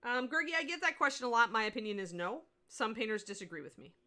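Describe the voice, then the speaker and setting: A woman's voice: fairly high pitch, sing-song, fast talker, bright, forceful tone. A woman giving a casual livestream lesson on painting miniatures, chatting and answering viewers' questions as she works.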